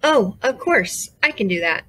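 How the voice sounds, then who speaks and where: A woman's voice: fairly high pitch, lively intonation, measured pace, fairly bright tone. A woman voicing a jittery, easily distracted male creature guardian who rambles sheepishly in a storybook reading. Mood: curious.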